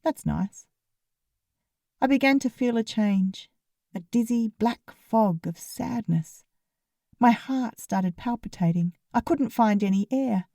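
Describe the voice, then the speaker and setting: A woman's voice: a little high, takes it slowly, vocal fry, mellow, no room sound. Woman reading a funny novel as the main character, wry and sarcastic, dry close sound. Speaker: audiobook narrator. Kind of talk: first-person comic novel narration.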